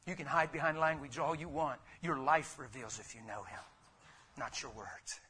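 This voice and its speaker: A man preaching an impassioned sermon in church. He swings from loud exhortation to near whispers and piles up repeated phrases. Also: a little high, moderate pace. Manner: repetitive rhetorical build-ups.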